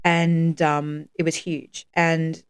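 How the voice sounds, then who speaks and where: A woman's voice: sits low, little pitch movement, takes it slowly, clear, resonant tone, dry recording. A woman co-hosting a podcast, chatting casually with lots of fillers and easy laughter. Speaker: podcast co-host. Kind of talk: casual chat.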